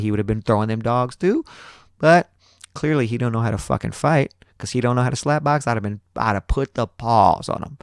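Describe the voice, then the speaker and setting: Podcast host, male: gravelly, low-pitched voice with a dry, close sound, profane and animated storyteller. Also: dry recording. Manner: profane, repetitive, animated retelling. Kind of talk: casual storytelling monologue.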